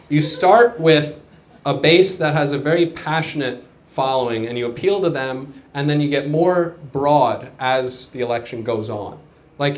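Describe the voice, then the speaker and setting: A man doing a stand-up comedy set on a club stage, talking loosely and conversationally with offhand asides. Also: medium pitch. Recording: echoey club with crowd laughing.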